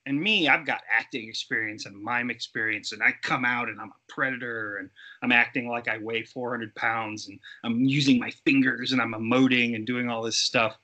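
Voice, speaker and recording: A middle-aged man, a guest actor, telling lively stories in a casual interview and acting out the people he quotes. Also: medium pitch, moderate pace, hardly any pauses. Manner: animated, acts out quoted voices. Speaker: guest actor and effects artist.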